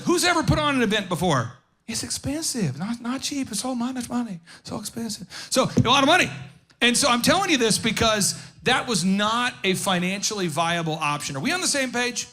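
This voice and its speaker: A man speaking on stage at a business conference, riffing with jokes and quick questions to the audience. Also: extremely high pitch, big pitch swings, sharp tone. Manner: fast, jokey, riffing asides and audience questions. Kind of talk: energetic live seminar talk.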